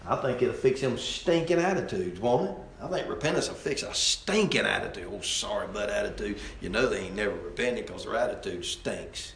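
A man preaching a fiery sermon, jumping from loud outbursts to low, quiet asides. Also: animated, brisk, vocal fry, few pauses, slight background noise. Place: church sanctuary. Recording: roomy church echo.

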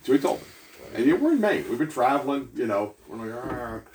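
Preacher man, lively pitch, echoey hall. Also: fast talker. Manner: conversational, asks the congregation questions. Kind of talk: sermon with a storytelling aside. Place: church hall. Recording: echoey hall, mic at a distance, faint noise.

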